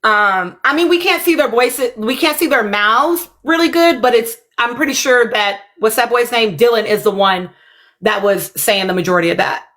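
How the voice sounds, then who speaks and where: A woman talks casually to her live viewers, a little high in pitch. She chats loosely, apologizing as she searches for clips. Her talk is relaxed and conversational. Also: moderate pace. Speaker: livestream host reacting to a reality show. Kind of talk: casual live reaction chat.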